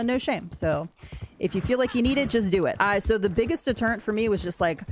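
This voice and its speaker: A young adult woman streaming a game, talking in a rambling, candid, soft-spoken way. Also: medium pitch, a little hiss or hum. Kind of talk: casual livestream chat while gaming.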